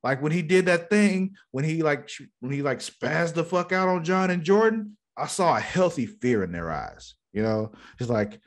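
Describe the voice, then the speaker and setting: Man, mid pitch, loose profane banter, jumps into character voices, relaxed co-host. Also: normal speed, hardly any pauses. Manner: profane, animated, acts out characters in quotes. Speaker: podcast co-host. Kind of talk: casual TV recap chat.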